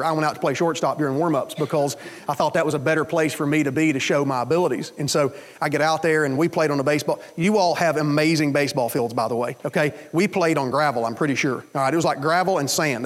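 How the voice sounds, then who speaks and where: A man preaching a sermon, telling stories in an animated way and acting out the voices of the people in them. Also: fairly high pitch, quick pace. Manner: animated storytelling with quoted voices. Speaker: pastor.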